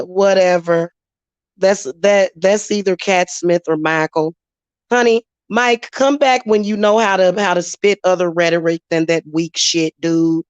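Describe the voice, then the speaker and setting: A woman's voice: medium pitch, takes it slowly, no echo. Blunt laughing woman, dry dull sound. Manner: blunt, laughs often, talks back to chat. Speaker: livestream host. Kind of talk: casual livestream chat.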